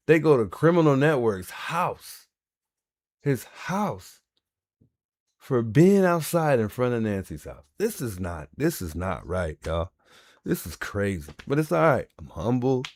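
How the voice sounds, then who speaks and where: Animated man reacting. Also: mid-range voice, dry recording. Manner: animated, repeats himself in disbelief. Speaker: livestream host. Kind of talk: casual reaction commentary.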